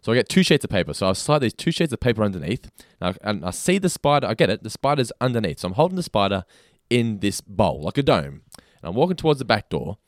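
Australian male co-host, low-ish voice, quick and animated, dry studio sound. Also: dry recording. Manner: animated storyteller, acts out his own thoughts. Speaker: podcast co-host. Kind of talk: casual chat.

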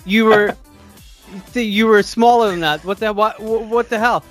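A brash male wrestler yelps in confused indignation, as a man puts him on in a podcast retelling. His voice jumps high with each complaint. Faint music sits under the talk. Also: normal speed, natural voice. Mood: indignant.

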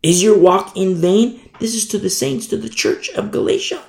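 Preaching from the pulpit, this male pastor is emphatic, circling back to key phrases and shifting from loud proclamations to quiet asides. He speaks high, at a moderate pace, with vocal fry and a roomy sound.

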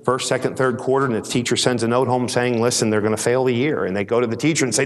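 Casual pastor with hall reverb. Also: male voice, medium pitch, fairly even intonation, fast talker, hardly any pauses. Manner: folksy storytelling, repeats words when starting sentences. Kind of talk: conversational midweek sermon.

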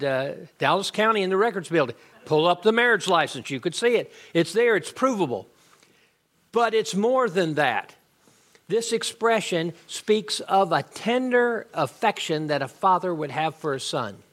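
A man's voice: a little high, fairly bright tone. A middle-aged man, teaching a Bible lesson and explaining grammar step by step with emphasis.

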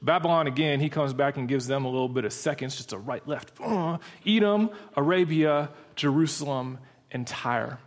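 A male preacher with a slightly high voice, telling a joking story to lead into his sermon. He talks loosely and conversationally and keeps the mood light. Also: moderate pace.

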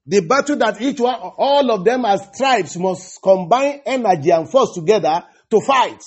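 A man preaching a sermon, halting and repeating words, breaking in with hallelujahs and praise the Lords. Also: sits high, lively intonation, husky. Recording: dull lo-fi recording.

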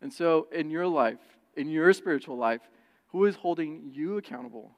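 A man preaching a sermon who tells personal stories in an animated way and acts out the quoted voices. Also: fairly high pitch, normal speed. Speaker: pastor. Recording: long church reverb.

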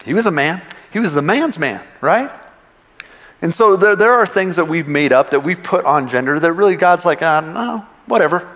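An impassioned man preaching in a church, his voice pitched a little high for a man. He drives each point home with repetitions and restarts. A long reverb from the big sanctuary trails after his words. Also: normal speed, fairly bright tone. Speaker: pastor. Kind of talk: sermon. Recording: long reverb of a large hall.

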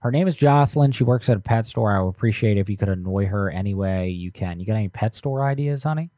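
A man's voice: on the low side, fast talker, dark tone, dry recording, clean studio sound. A man hosting a prank call livestream, reading viewer messages aloud in laid-back banter. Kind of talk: casual livestream chat.

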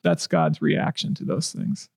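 A man co-hosting a faith podcast, reading a verse aloud and then explaining it in a relaxed, conversational way. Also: measured pace, no room sound, clean studio sound. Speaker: podcast co-host. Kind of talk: casual bible discussion.

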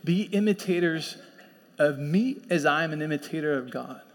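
A pastor preaching a sermon in a conversational, storytelling way, slipping into quoted voices. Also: male voice, on the high side, moderate pace. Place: church sanctuary. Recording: long church hall reverb.

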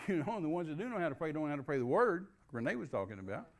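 Older guy preaching, folksy storyteller, voice a bit high. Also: sing-song, rapid-fire. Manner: folksy storytelling with restarts and laughs. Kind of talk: sermon storytelling.

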